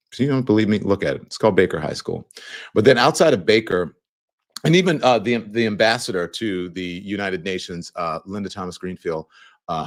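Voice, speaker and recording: A man in his fifties from Louisiana, hosting a show and telling a relaxed personal story to viewers in a casual monologue. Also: low voice. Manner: relaxed storytelling, conversational, many fillers. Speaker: show host.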